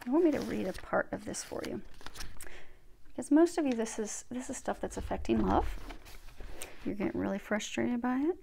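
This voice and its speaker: A woman, a spiritual healer, talking casually and animatedly before reading aloud from a book, with soft murmured asides. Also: a little high, animated, normal speed, vocal fry, long pauses, slight background noise.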